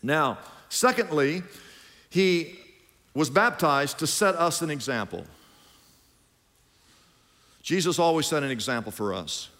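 A man's voice: fairly high pitch, lively intonation, slow, pauses often, a bit bright. A middle-aged man preaching a sermon as pastor, drawing lines out and leading the congregation in call-and-response. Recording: long hall reverb.

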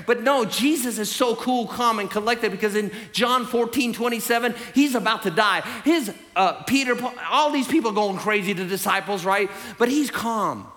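A man preaching a sermon to a congregation, animated, swinging between loud emphasis and hushed asides. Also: sits high, moderate pace, few pauses, faint music behind. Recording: hall reverb.

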